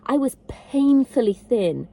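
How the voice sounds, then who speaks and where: An earnest woman with a fairly high voice speaks straight to camera. She keeps asking her listeners the same pointed questions and slows down to lean on the lines that matter most. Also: animated, creaky, mellow. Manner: earnest, direct, repeats rhetorical questions to listeners; slow and deliberate on key lines. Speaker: online faith and relationship advice creator. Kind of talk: heartfelt personal talk to camera.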